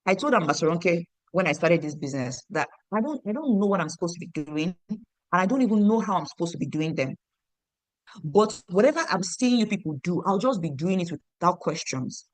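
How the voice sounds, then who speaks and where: A woman's voice: fairly low pitch, expressive, a little fast, no echo. Nigerian woman, 30s, motivational team coach; emphatic, repetitive, quizzes the audience, dry close-mic read. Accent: Nigerian English. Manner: emphatic, repeats lines for stress, asks the audience questions. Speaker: business team leader coaching her downline. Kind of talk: motivational online training talk.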